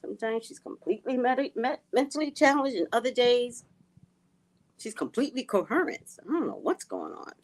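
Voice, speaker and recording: Animated chatty woman livestreaming. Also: a little high, brisk. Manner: animated, chatty, drops to hushed asides. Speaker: livestream host reading viewer comments. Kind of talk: casual live chat.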